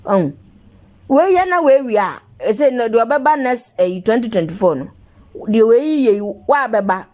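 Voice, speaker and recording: A woman's voice: fairly high pitch, very animated, moderate pace, darkish tone. A woman presenting local news commentary in a chatty, teasing way.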